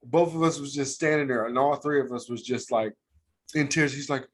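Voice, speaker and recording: A man's voice: mid-range voice, steady tone, brisk. American man telling stories casually. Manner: casual, slangy, heartfelt storytelling. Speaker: podcast co-host. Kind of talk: casual storytelling chat.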